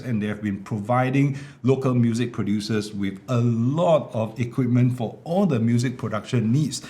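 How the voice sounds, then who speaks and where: A mellow, medium-pitched man demos gear as a tech reviewer in a product vlog. His relaxed explanations lean heavily on fillers. He records with a small wireless clip mic in a home room that has an air conditioner.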